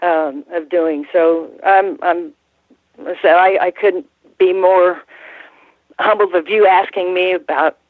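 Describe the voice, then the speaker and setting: A woman's voice: fairly low pitch, steady tone, takes it slowly, no room sound. Chatty woman in her sixties on a phone line. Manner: rambling and chatty, laughs often. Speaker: former wrestling ring announcer, guest. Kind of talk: casual interview storytelling. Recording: tinny phone line, dry.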